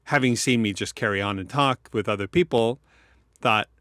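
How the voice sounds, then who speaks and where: A man's voice: on the low side, moderate pace, no room sound, clean studio sound. Canadian man with a stutter, telling stories. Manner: stutters and repeats sounds from Tourette's; animated, acts out voices in stories. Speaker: podcast co-host. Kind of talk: personal storytelling in casual chat.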